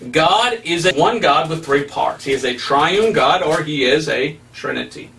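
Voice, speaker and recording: Male evangelist, fairly high voice, emphatic preacherly delivery, mic a little far off. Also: lively intonation, unhurried, gravelly, a bit bright, a little hiss or hum. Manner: emphatic, preacherly, with rising stresses. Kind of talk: preaching Bible study.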